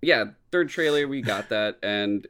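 A man's voice: medium pitch, animated, a little slow, fairly bright tone, clean tone. Laid-back young man swapping movie opinions. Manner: laid-back, swears often, acts out quotes. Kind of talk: casual movie discussion.

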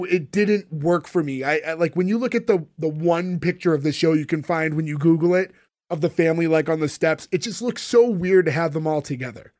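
High-voiced man rambling on a podcast. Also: a little mellow. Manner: rambling, many "like" fillers and restarts. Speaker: podcast host recapping a sitcom. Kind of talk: casual podcast chat.

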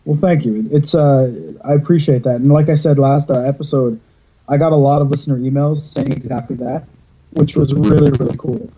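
A man chats on a podcast over a video call, drifting through long stories with plenty of casual swearing. His voice is very dark and a little husky. The call audio sounds dull and lo-fi. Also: mid-range voice, steady tone, moderate pace. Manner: rambling storyteller, swears freely. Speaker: podcast host.

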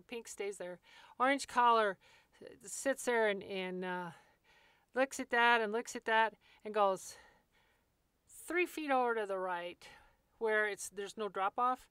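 A woman's voice: fairly high pitch, fairly bright tone, clear, resonant tone, no room sound. A woman walking listeners through a scene step by step in a vivid, folksy teaching manner, speaking to them as "you". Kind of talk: guided walkthrough talk.

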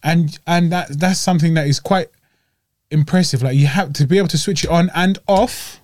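A man talks sport with lively emphasis and street slang. His voice sits a little high but sounds warm and mellow, recorded dry and close. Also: moderate pace, no echo. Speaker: podcast co-host. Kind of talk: casual sports chat.

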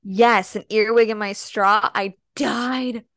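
A woman's voice: medium pitch, steady tone, slow pace, a bit bright, dry recording, clean studio sound. Chatty squeamish woman from the Midwest. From American Midwest. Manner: chatty, squeamish, full of fillers. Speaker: podcast co-host. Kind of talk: casual chat.

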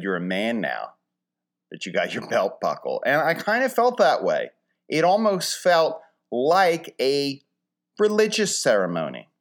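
Wry rambling man from Philly. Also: on the low side. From Philadelphia. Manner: wry, rambling, dry humor with mock-grand wording. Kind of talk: casual comedic monologue.

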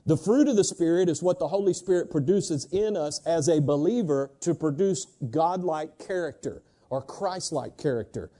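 A pastor delivers a sermon with a mellow, warm tone set slightly high for a man. He talks in an easy conversational way and keeps calling on the congregation to answer and to turn to each other. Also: normal speed, hardly any pauses. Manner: conversational preacher, prompts congregation call-and-response.

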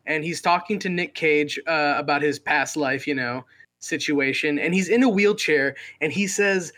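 A man's voice: on the high side, moderate pace, sharp tone. Matter-of-fact man adding movie trivia. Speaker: podcast co-host. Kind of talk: casual movie review chat.

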